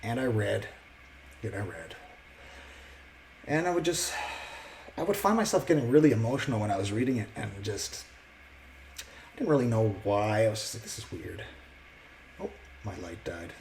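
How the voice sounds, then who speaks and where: A man casually sharing a personal faith testimony, earnest and reflective, often pausing and restarting his words. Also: on the low side, lively intonation, a little mellow, slight background noise, rough recording. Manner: halting, with many restarts and fillers.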